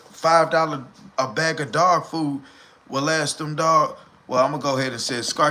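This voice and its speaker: Bright-voiced Southern man ranting. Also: on the high side. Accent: Southern American. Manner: slangy, emphatic, repetitive ranting. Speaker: vlogger. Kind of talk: ranting commentary.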